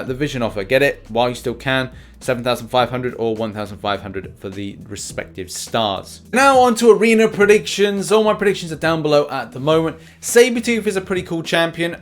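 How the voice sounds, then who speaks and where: A man hosting a mobile game news show, chatting loosely about game updates with lots of fillers and restarts. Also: mid-range voice. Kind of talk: casual gaming news commentary over gameplay.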